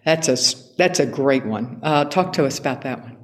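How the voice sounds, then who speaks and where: A woman's voice: very deep voice, expressive, normal speed. A woman hosting an interview, chatty and self-mocking, with frequent filler sounds. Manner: chatty, laughs at herself, many ums and uhs. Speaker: host.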